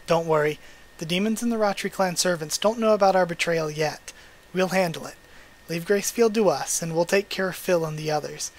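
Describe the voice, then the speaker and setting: A man's voice: a little high, a little fast, rough recording. A man hosting a manga readthrough, reading the dialogue aloud and breaking off for emotional, chatty asides.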